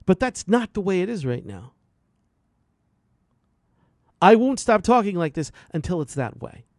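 A man's voice: sits high, big pitch swings, unhurried, a little mellow, no echo. A man hosting a radio health show, delivering an impassioned, repetitive, preachy monologue into a studio microphone.

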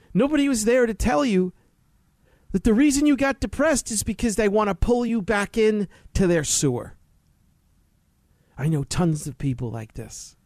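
A man's voice: high voice, darkish tone, no echo, studio quality. A middle-aged man hosting his own talk show, speaking in a blunt, emphatic, preachy monologue straight to the listener. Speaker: radio show host.

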